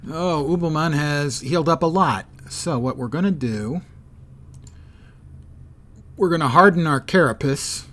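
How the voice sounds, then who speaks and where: A man's voice: a little high, a little slow, long pauses, a bit bright. A man streaming a superhero game live, making joking, self-deprecating asides and reading mission text aloud. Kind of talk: live gameplay commentary.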